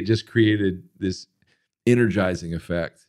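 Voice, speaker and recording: A middle-aged man hosting a podcast, telling stories in a rambling, animated way with many fillers. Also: low-pitched, a little slow, dry recording, studio quality. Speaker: podcast host answering listener questions. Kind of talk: casual interview talk.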